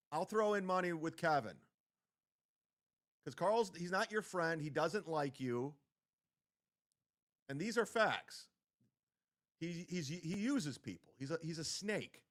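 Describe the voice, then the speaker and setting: A man's voice: on the high side, a bit bright. A male streamer ranting and mocking while reacting to a clip, swearing a lot. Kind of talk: livestream commentary.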